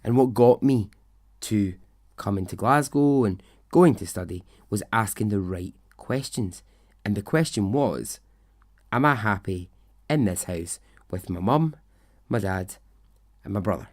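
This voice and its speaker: A man retelling the words of an earnest male teacher who explains things slowly and reflectively. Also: on the low side, expressive, a little mellow.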